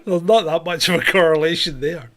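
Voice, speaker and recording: A man's voice: fairly high pitch, a little fast, a bit bright. A man co-hosting a comedic news chat, ranting and questioning. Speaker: co-host.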